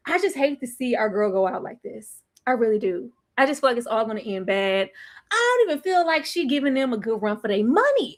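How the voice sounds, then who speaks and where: High, lively woman chatting and laughing. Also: moderate pace. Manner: chatty, laughs often, drawls phrases, slips into playful quoted voices. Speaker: TV recap vlogger. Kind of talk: casual chat to a live audience.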